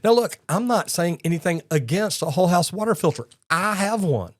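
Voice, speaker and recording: A middle-aged Texan man with a high, expressive voice speaks a little fast in a studio-quality recording with no room sound. He's a plumbing educator who hosts his own channel, speaking straight to camera with folksy anecdotes and blunt, emphatic advice.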